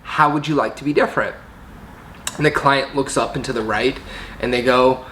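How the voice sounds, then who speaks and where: A man's voice: medium pitch, normal speed, pushed and bright, a little hiss or hum. A man teaching a coaching method, explaining step by step and often checking in with "right?". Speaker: coaching trainer. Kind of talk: teaching video.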